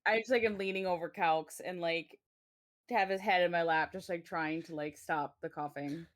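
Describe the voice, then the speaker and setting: A woman playing her character in a tabletop game, emotional and quick to swear. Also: lowish voice. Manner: emotional, swears freely, gets loud when excited. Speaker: player. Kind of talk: tabletop role-play chat.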